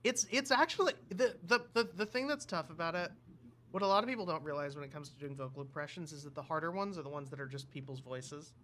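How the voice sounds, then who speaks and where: A fast-talking man with a fairly high voice co-hosts a livestream, chatting casually. He's animated, laughs often, and tries out cartoon voice impressions.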